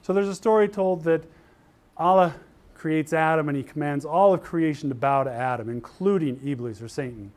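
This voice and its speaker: An older man from Utah giving an animated university lecture, telling stories and acting out the voices of the people in them. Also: fairly high pitch, normal speed. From Utah, USA. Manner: lively storytelling, acts out quoted voices. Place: lecture hall.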